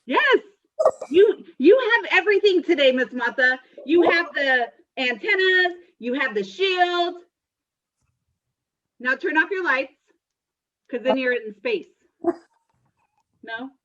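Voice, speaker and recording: High bubbly lady hosting a school assembly, talks slow and playful, kinda muffled lo-fi audio. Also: animated, a bit bright. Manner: bubbly and teasing, sing-song greetings.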